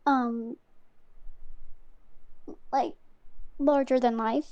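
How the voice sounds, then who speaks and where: A woman's voice: on the high side, fairly even intonation, extremely slow, dark tone, dull audio. A woman calling in to a live stream, an eager, chatty fan. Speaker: caller. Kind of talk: casual call-in chat.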